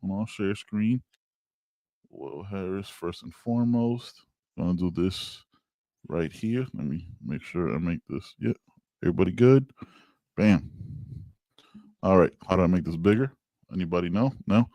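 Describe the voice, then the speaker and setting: Guy hosting a sports pod on a video call, kinda low voice, dead dry audio, hyped and teasing. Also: unhurried, long pauses, no echo. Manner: animated, playful, trash-talking. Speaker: podcast host. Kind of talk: casual sports chat.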